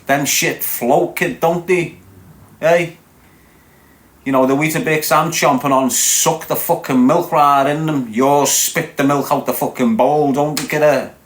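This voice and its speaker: A man's voice: a little high, steady tone, measured pace. A man in his forties with a Scouse accent, bantering crudely with his live-stream chat. He swears constantly and teases his viewers. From Liverpool, England. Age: 40s. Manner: brash, swearing, teasing viewers.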